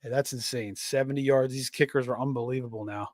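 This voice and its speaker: Speaking fast with fairly even intonation, this fantasy football livestream host has a mid-range, slightly mellow voice. He reads out chat messages casually, with plenty of fillers and restarts, over a dry, clean studio recording.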